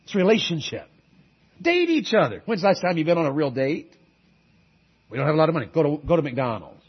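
A middle-aged guest preacher delivers a very animated, fairly quick sermon in a high-pitched, slightly husky voice, using call-and-response to draw amens from the congregation. He shifts between loud exhortation and quiet, earnest asides, and the recording sounds muffled and lo-fi.

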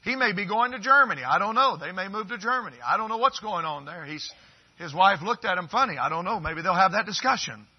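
A high-pitched man in his fifties gives a sermon as a guest preacher, folksy and chatty as he jokes with the people in the pews. The recording sounds dull and a bit lo-fi, as if captured in a church sanctuary. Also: expressive, fast talker, husky. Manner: folksy and joking with the congregation. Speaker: visiting preacher.

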